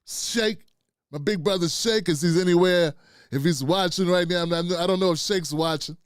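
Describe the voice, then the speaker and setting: A man's voice: sits high, moderate pace, smooth, no echo, studio quality. A middle-aged man, hosting a casual live stream, loose and chatty and calling out to his viewers. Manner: loose and chatty, talks to chat and producer, frequent "man" and "fam". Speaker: live-stream show host.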